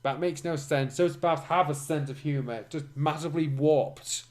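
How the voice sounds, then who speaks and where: A man reads a clumsy fan story aloud, stopping to mock its spelling. His delivery is dry and sarcastic, in a slightly higher voice. He sounds like a regular host of such readings. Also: moderate pace. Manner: dry, mocking. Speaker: reader and commentator.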